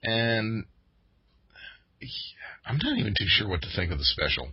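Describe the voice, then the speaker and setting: A man's voice: lowish voice, very animated, measured pace, husky, no echo. A man co-hosting a casual podcast chat, hesitant, with many fillers and restarts. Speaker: podcast co-host. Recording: dull lo-fi sound.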